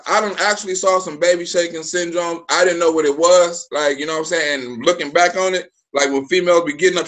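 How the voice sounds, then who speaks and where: A man hosting a casual livestream chat, loose and slangy, swearing freely and bursting into shouts. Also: a little high. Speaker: livestream host.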